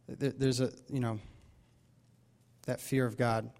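A man's voice: medium pitch, little pitch movement, takes it slowly, a little mellow. A man leading a Bible study, preaching casually with many fillers and restarts. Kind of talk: casual sermon.

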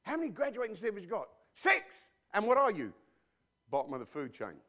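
A man's voice: high-pitched, huge pitch swings, fast, pushed and bright. A man preacher delivering a sermon emphatically and bluntly, with informal slang and frequent rhetorical questions to his listeners.

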